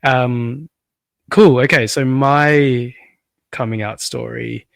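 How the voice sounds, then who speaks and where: A man with an Australian accent co-hosting a podcast, telling a personal story in a relaxed way and laughing often. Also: medium pitch, slow pace, gravelly. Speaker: podcast co-host. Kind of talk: casual chat.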